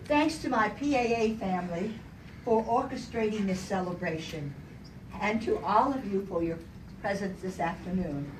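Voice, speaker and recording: A woman's voice: mid-range voice, expressive, normal speed. An older woman giving her retirement farewell speech, joking and chuckling as she tells stories to an audience. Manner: warm, joking, chuckling storyteller. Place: large hall at a retirement celebration. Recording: echoey hall from far off, crowd noise. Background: audience chatter and laughter.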